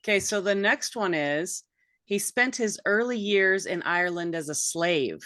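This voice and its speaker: A woman's voice: mid-range voice, measured pace, sharp tone, dry recording, studio quality. A woman guest in a casual chat, upbeat and reading out facts for discussion.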